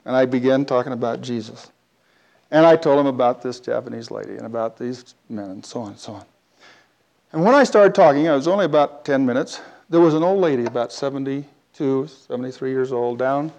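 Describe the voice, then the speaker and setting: A man telling a personal story in a talk, animated, with big swings between loud and quiet. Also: mid-range voice, a little fast, vocal fry.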